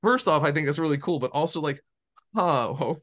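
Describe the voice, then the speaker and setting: A man's voice: a little high, quick pace. A man on a podcast, chatting casually and telling rambling stories as a game master, acting out the voices of people he quotes. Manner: animated storyteller who acts out quoted voices; rambling with frequent restarts.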